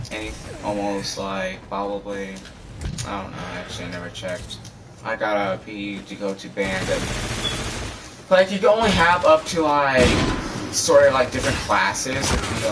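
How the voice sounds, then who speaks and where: A man's voice: medium pitch, animated, normal speed. A teenage boy vlogging, telling a rambling personal story full of fillers, cursing and restarts. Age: teens. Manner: loose, filler-heavy, cursing, self-interrupting. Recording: distant mic, loud gunfire noise.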